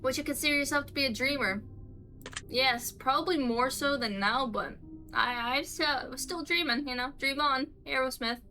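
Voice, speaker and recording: A woman with a Southern US accent streams live, reading quiz questions and answering them off the cuff. Her voice sits a bit high and sounds very bright, and she talks in a halting, rambling way, restarting and trailing off into asides. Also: faint music behind, rough recording.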